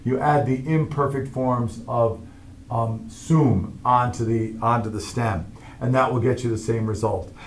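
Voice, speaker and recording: A man's voice: medium pitch, steady tone, unhurried, slight background noise. A middle-aged man teaching a Latin grammar lesson, explaining each form step by step and often checking in with "all right?".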